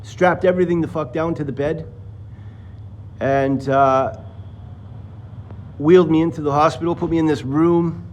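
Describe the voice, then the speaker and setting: A man's voice: a little high, fairly even intonation, normal speed, long pauses, a little mellow, a little hiss or hum, poor audio. A man telling viewers a long personal story in casual, rambling, profane talk, acting out what others said. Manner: rambling, profane, acts out quoted voices.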